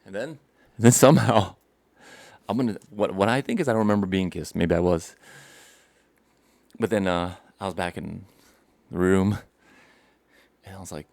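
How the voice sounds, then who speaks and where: Low gravelly man telling a story. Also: no room sound. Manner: rambling, animated, laughs often, acts out scenes. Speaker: vlogger. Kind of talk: casual storytelling to camera.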